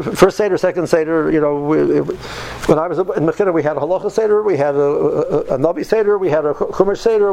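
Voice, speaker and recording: A man's voice: sits high, creaky, mellow, a little hiss or hum, poor audio. A man in his fifties telling stories in a casual talk, earnest and driving his points home by repeating phrases. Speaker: speaker recounting yeshiva study.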